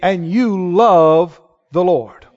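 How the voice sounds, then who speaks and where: A man's voice: high voice, very slow, a little mellow. A male pastor preaching a sermon with emphatic, rising declarations to a church congregation. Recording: dull sound with long hall reverb.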